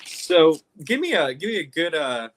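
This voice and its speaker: A man's voice: fairly high pitch, big pitch swings, moderate pace, a bit bright, slight background noise. A man hosting a casual interview in an easygoing way, laughing along with his guest. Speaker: host.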